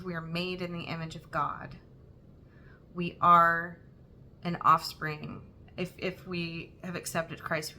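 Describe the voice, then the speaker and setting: A young woman hosting a stitching vlog, talking in an earnest, halting and emotional way. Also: lowish voice, sharp tone, a little hiss or hum. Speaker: Flosstube host. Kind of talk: heartfelt personal vlog talk.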